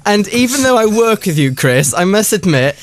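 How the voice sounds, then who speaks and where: A man with a Welsh accent, telling an excited story in casual radio banter. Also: high voice, normal speed, a little hiss or hum. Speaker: radio show team member.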